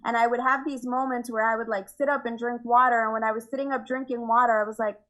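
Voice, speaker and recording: A woman's voice: a little high, level tone, fast talker, fairly bright tone, rough recording. A young woman talking openly about her relationship as a podcast guest, often laughing and acting out what she once said. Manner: candid, laughs often, acts out her own past words. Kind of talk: casual conversation.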